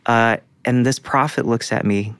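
A man's voice: mid-range voice, steady tone, unhurried, fairly bright tone, smooth, dry recording. A man, a guest prophet, telling his testimony in an interview with earnest storytelling. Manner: earnest storytelling with quoted dialogue.

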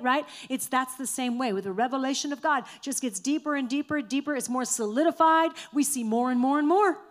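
A woman preaches with fervor, her voice sitting a little high. She repeats key lines and urges listeners to say them back. She speaks to a congregation in a church. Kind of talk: sermon.

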